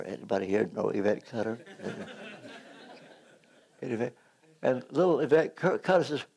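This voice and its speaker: Older male preacher, slow and storytelling, with a lightly raised voice and a self-mocking aside or two. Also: on the high side, expressive, vocal fry, slightly rough. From United States. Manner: storytelling, acts out voices, loses his place and jokes. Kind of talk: sermon.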